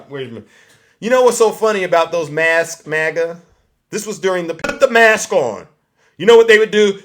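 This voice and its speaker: Brief: man, fairly high voice, mocking political stand-up rant. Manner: mocking, acts out scenes in put-on voices. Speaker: comedian.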